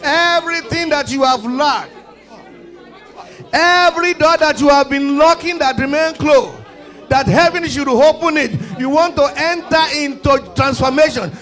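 A man with a Nigerian accent leading a fervent prayer sermon, often shouting and repeating his calls to the congregation. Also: very high voice, a little slow, some chatter behind. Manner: impassioned, often shouting, repetitive exhortations. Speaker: pastor. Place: church service.

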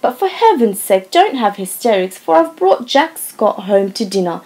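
A woman's voice: fairly high pitch, very animated, moderate pace, warm tone, slightly rough, exaggerated voice. A woman reading an audiobook, voicing an anxious young husband who speaks in an urgent, reassuring way. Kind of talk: audiobook character voice.

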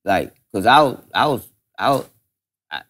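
A man, a guest comedian, tells a story in loose, casual talk. His pitch swings widely as he acts out the people in it, and he laughs often between lines. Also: sing-song, moderate pace, fairly bright tone.

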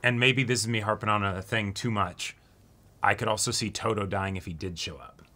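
A man co-hosting a casual anime reaction chat, quick to chime in with agreement and his own theories. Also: fairly low pitch, sharp tone. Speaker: co-host.

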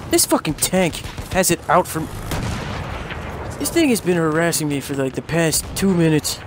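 A man's voice: a little high, sing-song, moderate pace, noisy background. A man commentating his own shooter gameplay, crude and joking and mocking himself. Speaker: gamer, channel host. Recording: game gunfire and explosions behind. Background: gunfire, artillery, vehicles.

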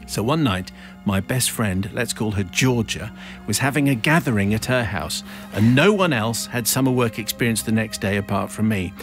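A man's voice: lowish voice, expressive, moderate pace, faint music behind. A man hosting a radio show, reading out a listener's confession in a wry storytelling manner with chuckles, then chatting in the studio. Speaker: radio host. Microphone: studio microphone.

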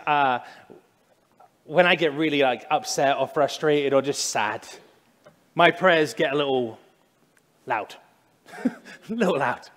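In a church sanctuary, a male pastor preaches with a voice a little higher than most men's, and a long reverb trails his words through the room. His delivery is relaxed and conversational, moving from loud, acted-out cries and prayers down to quiet, slow emphasis.

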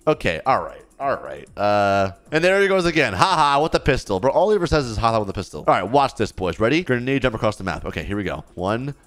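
A young man giving excitable, teasing let's-play commentary as a gaming YouTuber. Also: mid-range voice, soft background music. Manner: excitable, hyped, teasing, quick exclamations.

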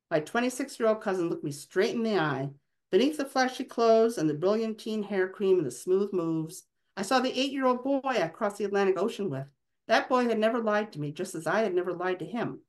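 A woman's voice: medium pitch, lively intonation, a little fast. A woman author reading a passage from her novel aloud, expressively.

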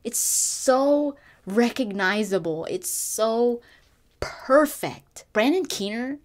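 A woman talking casually as a gaming vlogger, gushing and excitable, with frequent restarts and fillers. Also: fairly high pitch, slow pace. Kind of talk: casual fan commentary.

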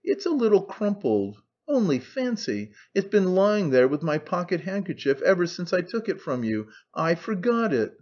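A man reading an audiobook, voicing a brash young man who speaks calmly and carelessly. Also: high-pitched, moderate pace, few pauses, voice pushed up. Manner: calm, careless, offhand. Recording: dull lo-fi recording.

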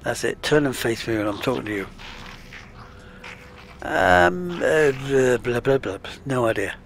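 A man's voice: medium pitch, lively intonation, a little slow, creaky, a bit bright, a little hiss or hum. A man giving casual, chatty let's-play commentary, muttering to himself as he plays. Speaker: gaming channel host.

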